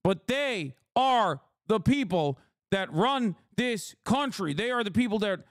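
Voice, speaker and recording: Blustering right-wing male pundit, a man sending one up; pitched up, pompous and indignant. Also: lively intonation, a little slow, no echo, studio quality. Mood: mock indignant.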